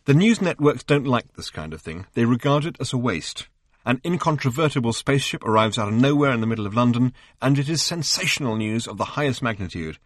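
A man reading an audiobook, narrating in an even, wry storytelling manner. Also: medium pitch, a little fast, no room sound, clean studio sound. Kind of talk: scripted narration.

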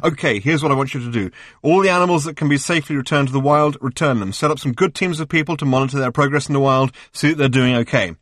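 Man voicing a bossy alien, brusque, loud, pushy, dry close audiobook sound. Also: medium pitch, fast, no echo, pitched above the performer's own voice, close to an everyday voice. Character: brash, pushy alien man, adult, careless.

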